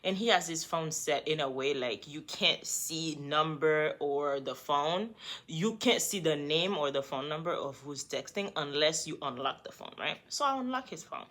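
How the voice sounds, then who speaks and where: A woman vlogger telling a story in a lively, conversational way, talking straight to the viewer. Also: low-pitched, normal speed. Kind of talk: storytime vlog.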